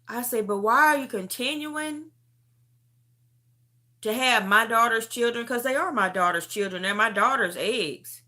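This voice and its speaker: Slow, earnest woman giving testimony. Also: fairly high pitch, sharp tone. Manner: earnest, halting, repeats herself. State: tearful at times. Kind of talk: emotional religious testimony.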